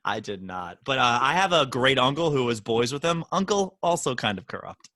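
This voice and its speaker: Lively, teasing man hosting a podcast. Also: mid-range voice, brisk, no echo. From Baltimore, Maryland. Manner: teasing, animated quizmaster. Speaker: podcast host. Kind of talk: casual podcast chat, quizzing a guest.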